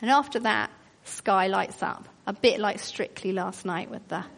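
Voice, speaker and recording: Unhurried woman preaching in a reverberant hall. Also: medium pitch, creaky, fairly bright tone. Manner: earnest, questioning, storytelling delivery. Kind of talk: sermon. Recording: long reverb of a large hall.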